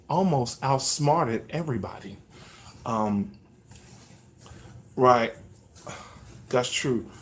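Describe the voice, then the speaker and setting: Animated man chatting on a livestream. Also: mid-range voice. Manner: animated, playfully mimics news announcements. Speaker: livestream host. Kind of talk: casual livestream chat.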